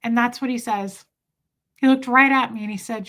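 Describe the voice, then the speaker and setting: A woman's voice: a little high, steady tone, a bit bright. Woman telling a heartfelt family story. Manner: emotional, halting, with restarts. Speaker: vlogger. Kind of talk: personal storytelling.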